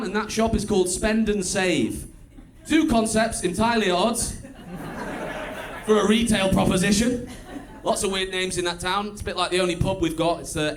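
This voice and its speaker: A man with a Stoke-on-Trent accent performing a stand-up comedy set on a club stage, chatty and wry, with bursts of loud mimicry. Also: sits high, a little hiss or hum. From England. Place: comedy club stage before a live audience.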